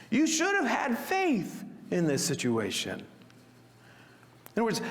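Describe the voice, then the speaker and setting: A man preaching a sermon as pastor, expressive and acting out the disciples' panicked cries. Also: high-pitched, in a large hall.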